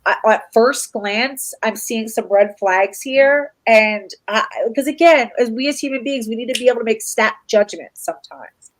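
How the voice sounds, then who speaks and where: A woman's voice: on the high side, moderate pace, poor audio. A woman with a congested voice, hosting a casual livestream talk show and chatting loosely with many fillers. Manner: chatty, many fillers, reads live chat aloud. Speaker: podcast host.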